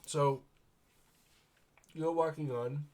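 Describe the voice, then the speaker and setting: A man running a tabletop game as game master, narrating scenes and calling for rolls in a relaxed, hesitant way with frequent fillers. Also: fairly high pitch, drawn-out words, a little hiss or hum.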